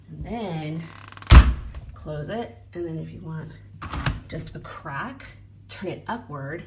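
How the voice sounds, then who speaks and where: A woman's voice: lowish voice, heavy background noise. A tired American woman chatting casually on her phone in a small apartment, rambling through a story with lots of "like" and "you know.". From United States. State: tired, sleep deprived. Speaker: vlogger. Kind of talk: casual travel vlog chat.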